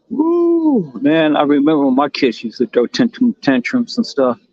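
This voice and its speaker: A man's voice: fairly high pitch, a little mellow. A man hosting a casual live stream, rambling and chatting with people around him, likely at a laundromat. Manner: rambling, chatty, talks to passersby and a toddler. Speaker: livestream host. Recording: lo-fi phone audio.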